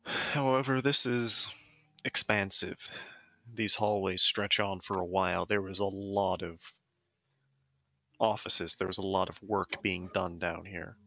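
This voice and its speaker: A man's voice: deep voice, fairly even intonation, a little slow, sharp tone, dry recording. A man narrating as game master in a tabletop game over a voice call, describing scenes with loose fillers. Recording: dull lo-fi voice-call audio with faint music.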